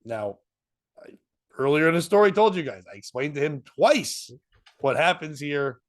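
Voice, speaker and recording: Animated man telling a story. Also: on the high side, normal speed. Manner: animated, laughs through his story, acts out other people's lines; swears freely. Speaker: comedian and podcast host. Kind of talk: casual storytelling chat.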